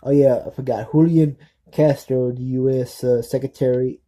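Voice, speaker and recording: A man chats casually to his viewers in a deep, very dark tone. He talks haltingly, restarts often, and keeps apologizing for his slips. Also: steady tone, low-quality recording. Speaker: political vlogger. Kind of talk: casual unscripted commentary.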